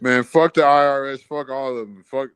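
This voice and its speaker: A man's voice: medium pitch, fairly even intonation, moderate pace, fairly bright tone, smooth, no echo. A man on a heated call-in panel, blunt and profane, cursing and jabbing at the others.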